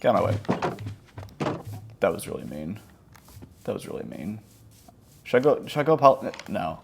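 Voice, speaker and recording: A man's voice: low voice, sing-song, moderate pace, creaky, pauses often, slight background noise. A man around thirty chatting casually over his gameplay, rambling and self-mocking, dropping to mumbles and jumping to yelps. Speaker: gaming vlogger.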